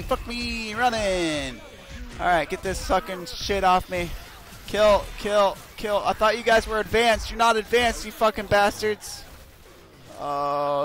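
A young man giving profane, excitable gameplay commentary, cursing at his teammates with loud outbursts. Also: high voice, slow pace. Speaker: gaming video creator.

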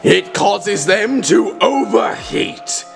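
A gravelly, sinister villain that devours robots, gloating in a fan-made puppet drama. He drags out his words slowly and swings his pitch wildly up and down. Soft background music plays under him. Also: lively intonation, heavily acted. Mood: menacing. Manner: slow gloating speech with wild swings and maniacal laughs.

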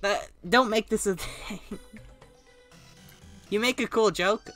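A woman's voice: mid-range voice, slow pace, fairly bright tone, soft background music. A woman streamer giving casual, sarcastic, self-mocking commentary while playing a game. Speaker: gaming streamer. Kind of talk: casual live gaming commentary.

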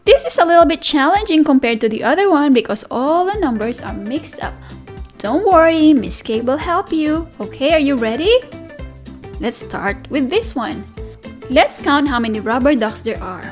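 A woman teacher reading a story aloud to toddlers, slow and sing-song, asking questions and counting along. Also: sits high, big pitch swings, faint music behind. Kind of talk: children's story time read-aloud.

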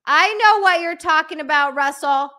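Excitable high-voiced woman streamer. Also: normal speed. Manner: excitable, bursts into squeals and shouts; chatty, thanks viewers by name. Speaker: live streamer. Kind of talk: casual live-stream chat.

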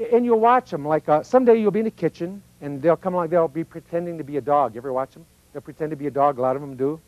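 A man with a somewhat high, slightly mellow voice gives an informal, folksy talk on personal growth, frequently acting out little voices of children and parents. The recording is dry and the audio dull.

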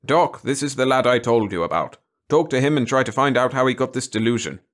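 A man voicing a blunt, gruff middle-aged base commander giving orders in a storybook reading. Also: medium pitch, brisk, voice pushed up, close to an everyday voice. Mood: brusque. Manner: blunt, brusque.

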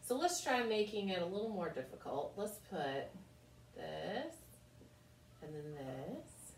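Lively woman teacher chanting ta ti ti for kids, echoey room, mic kinda far. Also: lowish voice, slow, a little hiss or hum. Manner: cheerful, chanting rhythm syllables. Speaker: elementary music teacher. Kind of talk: online music lesson for children.

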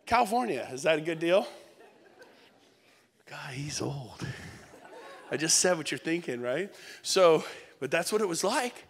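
A man in his fifties giving a lively, joking motivational speech to a live audience, often shouting for emphasis. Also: on the high side, brisk. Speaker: keynote speaker. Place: event hall. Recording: long reverb of a large event hall.

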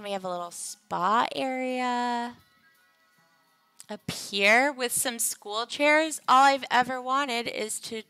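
A woman's voice: a little high, sharp tone, dry recording. A young adult woman hosting a casual game livestream, chatting playfully and joking with her viewers. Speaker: livestream host.

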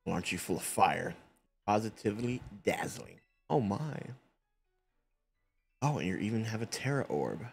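A man's voice: fairly low pitch, big pitch swings, normal speed, creaky, pauses often, faint music behind. A man reading as a chatty, gushing woman teacher. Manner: reads on-screen game dialogue aloud in a loose, unpolished way.

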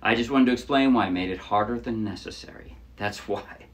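A man with a lowish voice, talking a little fast, gives a casual, chatty ukulele lesson. He walks through chords and counts beats aloud as he plays, with loud ukulele in the background.

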